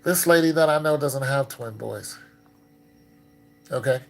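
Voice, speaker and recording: A gravelly, unhurried, medium-pitched streamer casually goes through scam messages on his livestream. He banters with viewers in a loose, filler-filled way, growing loud and excited as he talks to them.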